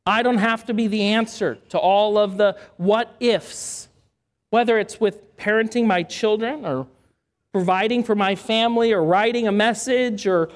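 High-voiced man preaching a sermon. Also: normal speed. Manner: conversational, reads scripture aloud then comments with asides. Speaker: pastor. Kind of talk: sermon with scripture reading.

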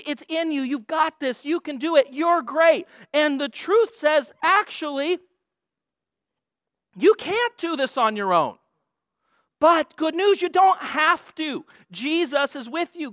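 A woman's voice: high voice, a bit bright, dry recording, studio quality. A woman preaching a sermon, earnest and emphatic, often quoting scripture.

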